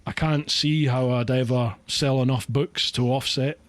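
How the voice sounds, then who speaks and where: A Scottish podcast host chats casually, often laughing at himself. His voice is medium-pitched and steady, and he takes his time.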